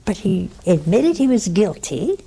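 Unhurried and mid-range, her voice gravelly with a breathy edge, this woman delivers a story-filled sermon. She playfully teases listeners and brings the characters in her stories to life by voicing them.

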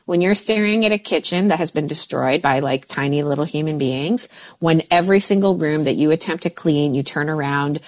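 A woman in her forties, a mindset coach, talking in a casual chat and jumping into high voices for quoted thoughts. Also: brisk.

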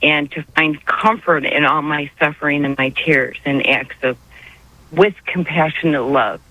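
A woman's voice: low voice, fairly even intonation, a little slow, bright, forceful tone, dry recording. A woman calling in to a radio show, speaking in a heartfelt, tearful, rambling way. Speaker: caller. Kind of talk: call-in radio conversation. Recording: muffled dry phone line.

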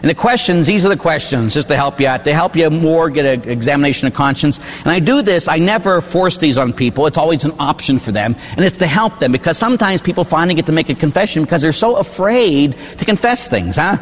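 Talking fast with few pauses, an older Pittsburgh priest preaches in a fairly high, animated voice inside a large hall. His sermon is folksy storytelling, complete with "huh?" questions and acted-out voices.

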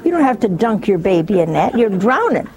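An older woman hosting a religious call-in show, talking in an animated, scolding way with mocking asides. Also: a little fast, crowd noise. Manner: animated, scolding and mocking with sudden pitch jumps.

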